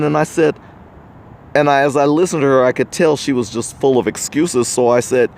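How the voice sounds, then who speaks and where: A man's voice: medium pitch, moderate pace, gravelly, a little mellow. An American man hosting a podcast, giving a preachy, indignant opinion monologue to the viewer. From United States. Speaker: podcast host.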